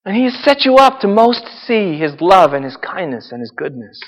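High-voiced male pastor preaching in a hall. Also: very animated, moderate pace. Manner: swings from loud and intense to hushed and soft, with laughs. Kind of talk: sermon. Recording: reverberant hall.

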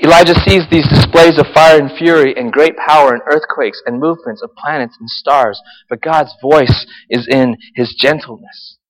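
A man preaches to his congregation with lively storytelling, rising to near shouts and then dropping to a soft hush. His voice sits somewhat high for a man, and a long reverb trails each phrase as it fills a large hall. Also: moderate pace, few pauses. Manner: animated storytelling that swings from loud excitement to hushed softness. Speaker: pastor. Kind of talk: sermon.

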